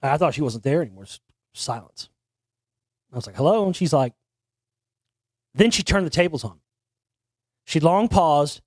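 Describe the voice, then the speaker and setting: A man's voice: on the high side, animated, normal speed, long pauses, no room sound, clean studio sound. A man hosting an internet talk show, telling a long story in a rambling, casual way with frequent restarts and casual swearing. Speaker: podcast host.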